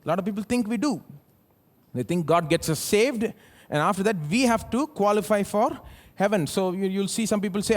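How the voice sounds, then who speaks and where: Indian pastor guy preaching live in church, pitched kinda high, goes loud then soft. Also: a little fast. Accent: Indian English. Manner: rhetorical questions, animated swings between loud and soft. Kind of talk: sermon.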